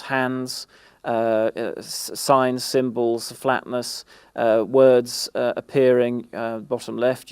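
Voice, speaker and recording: A man speaking at a conference, presenting in a halting way with frequent restarts. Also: mid-range voice, creaky, a little mellow, clear, resonant tone, no echo. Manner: halting, many fillers and restarts. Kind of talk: presentation talk.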